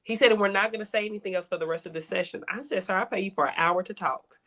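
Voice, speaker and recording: A woman in casual conversation, telling stories with lively acted-out dialogue. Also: medium pitch, racing. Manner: animated storyteller, acts out quoted dialogue. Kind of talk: casual chat.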